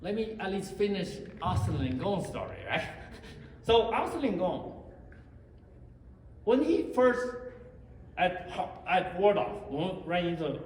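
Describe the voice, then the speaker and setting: A man's voice: high voice, animated, unhurried, long pauses, darkish tone, a little hiss or hum. Joking man in echoey hall. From China. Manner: rambling, joking, self-deprecating asides. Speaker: conference speaker. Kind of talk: joking live conference talk. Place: large conference hall. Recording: echoey hall, mic from far off.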